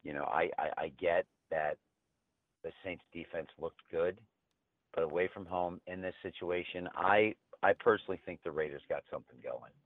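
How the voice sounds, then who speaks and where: A man's voice: deep voice, moderate pace, dry recording. A man talking sports betting in a brash, joking, trash-talking way. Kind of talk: casual betting talk. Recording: tinny phone-line sound.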